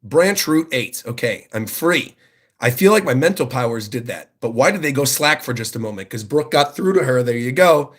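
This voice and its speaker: A man hosting a livestream who reacts excitedly to a new manga chapter and reads the panels aloud. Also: medium pitch, moderate pace, husky. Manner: excited, enthusiastic commentary.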